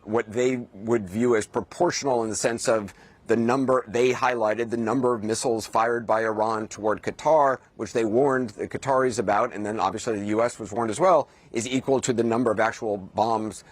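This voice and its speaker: A male news correspondent reporting live, speaking in a halting way with frequent restarts. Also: medium pitch, steady tone. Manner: halting, many restarts and fillers.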